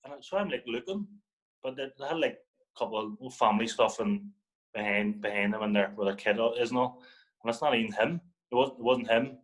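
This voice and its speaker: In a mid-range voice and a slightly fast pace, a young man from Northern Ireland appears as a football guest and tells a story casually. He swears and animatedly voices what others said, on a low-quality recording.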